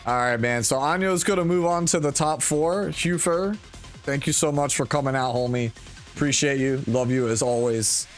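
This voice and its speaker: Easygoing young male host-caster, mid-pitched, casual slang, faint music underneath. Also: moderate pace. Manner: relaxed, friendly, slangy. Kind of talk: live tournament game commentary.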